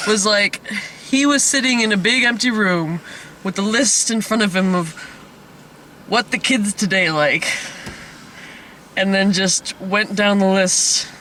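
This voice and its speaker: A man's voice: high-pitched, sharp tone, slight background noise. A man hosting a casual comedic movie review, rambling along and laughing often. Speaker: host of a movie review podcast.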